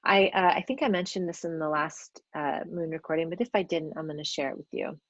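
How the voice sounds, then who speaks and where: A woman hosting a casual astrology talk, gentle and encouraging, pausing often with ums as she gathers her thoughts. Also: low-pitched, dry recording. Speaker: astrologer and podcast host. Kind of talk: casual spoken astrology reflection. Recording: slightly dull, dry recording.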